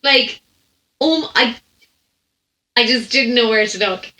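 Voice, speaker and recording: A young Irish woman hosts a storytime podcast, chatting animatedly about anecdotes, laughing often and breaking off mid-sentence. Her fairly high voice has a sharp tone and a slow pace, and the recording has a roomy echo.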